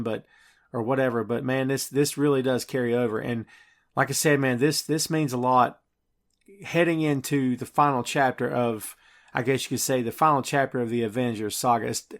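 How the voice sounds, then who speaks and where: A man hosting a podcast and recapping a film scene by scene in casual, enthusiastic chat full of fillers. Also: mid-range voice. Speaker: podcast host.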